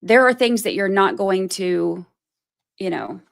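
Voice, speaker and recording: A woman's voice: mid-range voice, expressive, a little slow, gravelly. A woman hosting a livestream, chatting casually about a court case. She rambles, thinks aloud and fills her talk with "like" and "you know.". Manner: self-deprecating, thinks aloud. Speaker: livestream host commenting on a trial. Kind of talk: casual livestream commentary, reading chat aloud.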